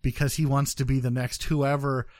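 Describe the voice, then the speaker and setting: A man's voice: medium pitch, little pitch movement, moderate pace, darkish tone, no room sound, studio quality. A man hosting a casual news podcast, joking and rambling with many fillers and restarts. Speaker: podcast host.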